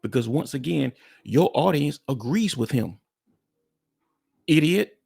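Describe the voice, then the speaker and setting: A man's voice: medium pitch, lively intonation, moderate pace, vocal fry, warm tone, slightly rough. A man hosting a reaction commentary, talking bluntly and mockingly to his viewers. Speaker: commentary host.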